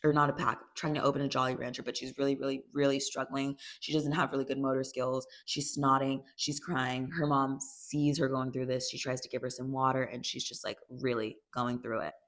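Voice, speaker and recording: Young woman, low voice, casual TV recap, chatty, acts out quotes. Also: little pitch movement, brisk, hardly any pauses. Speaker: show recapper.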